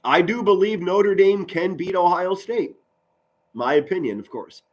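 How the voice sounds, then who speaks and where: Excitable Philly-man calling football. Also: high voice, unhurried. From Pennsylvania, US. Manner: loud, excitable, swings from mutters to shouts. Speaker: sports commentary streamer. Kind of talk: live play-by-play and chat with viewers.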